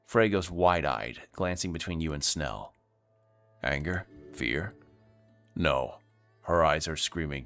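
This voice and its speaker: A man's voice: a bass voice, animated, takes it slowly, long pauses, fairly bright tone, soft background music. A man streaming himself reading a narrative game aloud, with wry asides between the lines.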